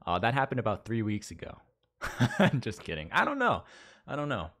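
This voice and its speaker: A fairly low-pitched man from Las Vegas, USA, talks fairly quickly and expressively while hosting a live stream. His casual chat with the audience rambles, with restarted sentences and viewers' messages read aloud.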